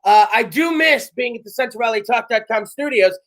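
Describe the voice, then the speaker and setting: Brief: male host, rowdy and jokey, strikingly high-pitched. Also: animated, brisk. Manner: loud, joking, rowdy. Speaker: podcast host. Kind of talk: casual comedic chat show. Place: home studio.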